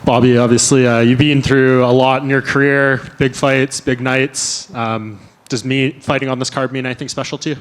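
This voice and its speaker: Man, reporter, steady questions, monotone, medium pitch. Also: normal speed, hardly any pauses, clear, resonant tone. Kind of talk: interview questions.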